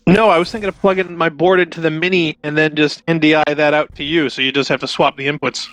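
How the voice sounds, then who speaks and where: A man's voice: on the high side, fairly even intonation, fast talker, a bit bright, no echo, poor audio. A man co-hosting a live game stream, joking around and reading out chat comments.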